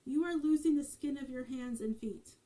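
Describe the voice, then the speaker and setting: A woman's voice: high-pitched, normal speed, dark tone, lightly acted, poor audio. Woman reading as Auburn Mary, a resolute young helper. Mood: urgent. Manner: urgent, commanding instructions. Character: kind, resolute young giant's daughter.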